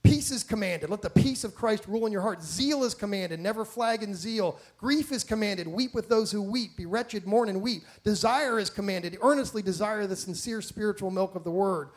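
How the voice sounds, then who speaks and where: High-voiced man preaching with animated emphasis. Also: moderate pace, hardly any pauses. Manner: emphatic, animated preaching with frequent restarts and rhetorical questions. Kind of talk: sermon.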